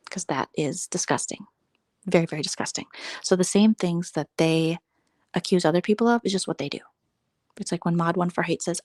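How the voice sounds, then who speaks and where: A woman's voice: fairly low pitch, darkish tone, no echo, studio quality. An American woman hosting a casual livestream, giving sarcastic, gossipy commentary on online drama and thanking viewers for super chats. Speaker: livestream host.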